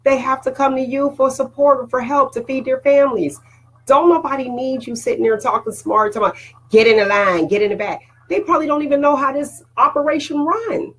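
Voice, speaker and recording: A woman's voice: high voice, fairly quick, breathy edge, rough recording. A woman hosting a casual motivational talk to her viewers, preachy and conversational, often checking in with "all right?". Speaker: host.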